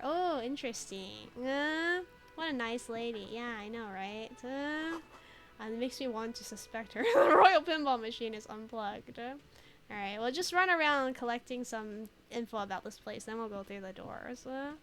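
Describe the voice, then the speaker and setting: A woman's voice: a little high, lively intonation, moderate pace, fairly bright tone. A woman streamer chatting casually over a game, laughing often and thinking aloud with lots of fillers. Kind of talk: casual let's play commentary.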